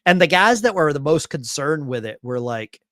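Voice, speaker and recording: A man's voice: fairly high pitch, expressive, moderate pace, a bit bright, dry recording, clean studio sound. A man hosting a casual live stream, reading chat messages aloud with bursts of enthusiasm. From Arkansas.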